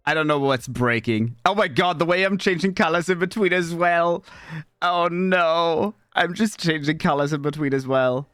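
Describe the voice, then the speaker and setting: A young man streaming live, chatting with viewers while fighting broken software, scattered and exasperated, cursing and leaping from mumbles to high squeaky outbursts. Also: no echo, clean studio sound. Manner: scattered and exasperated, swearing at tech trouble. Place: home streaming setup.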